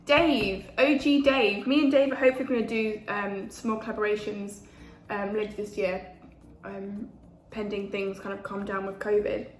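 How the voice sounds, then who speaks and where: Her mid-range voice has little pitch movement and a moderate pace, with slight background noise. She's a food vlogger in her 20s doing a casual mukbang, chatting while she eats in an echoey room with faint ambience.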